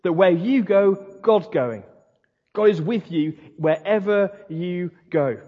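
This pastor's sermon is animated, fiery and emphatic, punctuated by dramatic pauses. He speaks in a high pitch with a touch of huskiness. The sound is muffled and lo-fi, with a big hall's lingering reverb.

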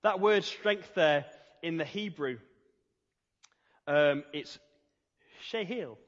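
A man preaching a sermon in an earnest, emphatic way, slowing down to stress key phrases. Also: a little high, a bit bright. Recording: reverberant hall, dull lo-fi sound.

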